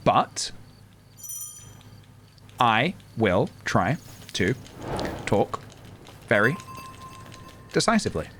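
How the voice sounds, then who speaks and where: A man streaming a game live, talking in a wry, deliberate way and choosing his words carefully. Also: on the low side, sing-song, background noise.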